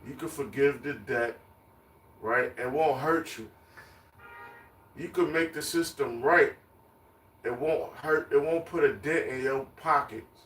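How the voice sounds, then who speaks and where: A man's voice: medium pitch, takes it slowly, pauses often, a bit bright. A man preaching on the street, emphatic and repetitive, chanting lists of words. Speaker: street teacher. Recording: echoey, distant mic, faint ambience.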